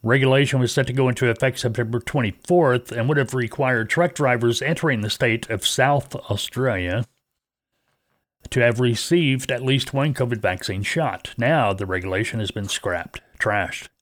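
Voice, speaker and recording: Male podcast host, folksy rambling delivery, mid-pitched, dry close sound. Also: moderate pace, fairly bright tone, no echo. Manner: rambling, folksy, many fillers and restarts. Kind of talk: casual podcast talk.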